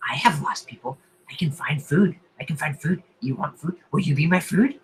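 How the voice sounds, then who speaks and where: A man's voice: a little high, normal speed, a little hiss or hum, natural voice, low-quality recording. A man voicing a crazed, hungry creature that speaks into people's minds, muttering and repeating itself in a half-whispered, sporadic way.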